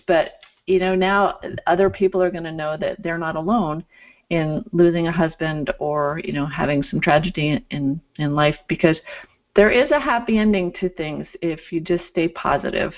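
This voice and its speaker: A woman's voice: fairly low pitch, muffled recording. A woman hosting an interview show, earnest and encouraging as she thanks her guest. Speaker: show host. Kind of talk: casual interview talk.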